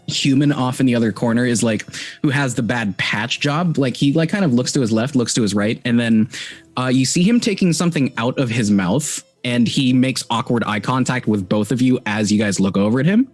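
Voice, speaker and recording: A man's voice: mid-range voice, normal speed, dry recording, faint music behind. Rambling male game master. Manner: rambling with many fillers and restarts. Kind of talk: narrating a tabletop game.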